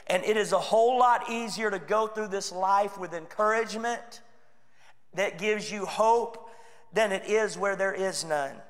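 A Texan man preaches in a church sanctuary, speaking a little slowly in a fairly high, bright voice, earnest and conversational with the congregation. He acts out short quoted lines as he goes. Long reverb trails each phrase of the sermon.

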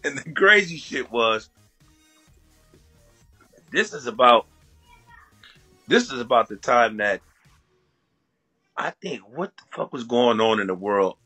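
A man from the USA holds forth as a talk show guest, his voice bright and a little husky. He spins a loose, profane story, chuckling through it. Faint music plays underneath. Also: mid-range voice, slow pace, pauses often. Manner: profane, laughing, animated storytelling. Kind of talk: casual storytelling.

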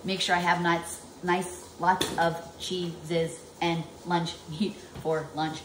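A woman in her forties chatting at length in a home kitchen vlog, rambling and animated with plenty of fillers while she works. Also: lowish voice, slow. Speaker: vlogger. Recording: echoey room, faint household noise.

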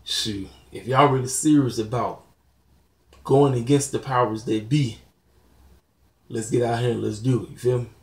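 A man's voice: medium pitch, fairly even intonation, normal speed, long pauses. Blunt man ranting in a roomy room. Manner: blunt, preachy, laughing asides. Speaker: channel host. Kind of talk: casual vlog rant to viewers. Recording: roomy echo.

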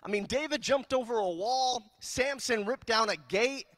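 A man from California preaching a sermon as pastor, telling jokes and stories in an animated way. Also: extremely high pitch, moderate pace, no room sound, studio quality. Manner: animated, joking storyteller. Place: church.

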